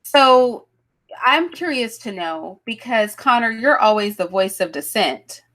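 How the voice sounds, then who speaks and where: A woman's voice: fairly high pitch, lively intonation, unhurried, a bit bright. A woman hosting a livestream talk show, chatting casually with guests and her live chat, laughing and thinking aloud as she goes.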